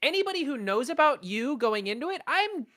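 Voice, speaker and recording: A woman co-hosting a casual podcast, blunt and quick to laugh. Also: sits high. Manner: animated, blunt, laughing along. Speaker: podcast co-host.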